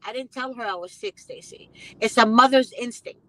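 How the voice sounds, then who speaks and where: Hosting a casual conversation, this mother speaks emphatically and passionately, often repeating herself for weight. Her pitch is fairly high and her tone sharp, at a moderate pace, though the audio quality is poor.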